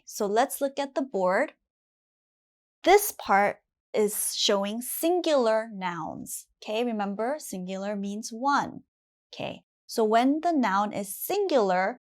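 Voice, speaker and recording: A woman teaching basic English grammar, saying each word slowly and clearly and repeating it for learners. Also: mid-range voice, animated. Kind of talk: slow, clear classroom lesson.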